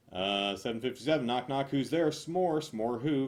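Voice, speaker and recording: A man reading knock-knock jokes one after another, loud on the punchlines and mumbling his asides. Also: mid-range voice, animated, normal speed, hardly any pauses, slight background noise. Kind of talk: rapid-fire joke reading.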